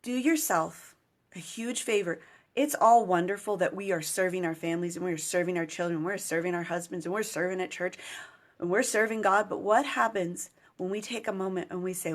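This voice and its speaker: A woman's voice: lowish voice, a little fast. Earnest woman vlogging to moms. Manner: earnest and encouraging, speaks straight to the viewer. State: choked up with emotion at times. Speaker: certified mentor speaking to moms. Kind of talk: motivational vlog talk to camera.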